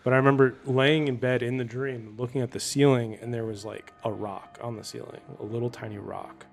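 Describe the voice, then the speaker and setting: Slow-talking man with many fillers. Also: mid-range voice, little pitch movement, vocal fry, a little hiss or hum. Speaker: podcast host. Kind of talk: casual chat.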